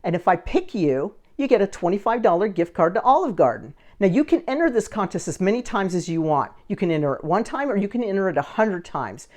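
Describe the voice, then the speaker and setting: A woman's voice: mid-range voice, a little fast, hardly any pauses. A woman vlogger telling a story to camera in a casual way, acting out the other people in it. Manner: animated, acts out the other people in her story. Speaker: vlogger running a social media page.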